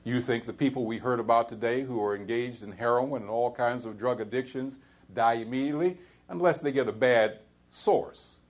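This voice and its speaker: Male pastor, mid-pitched, casual preaching, builds to emphatic peaks. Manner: halting restarts and fillers. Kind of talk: sermon.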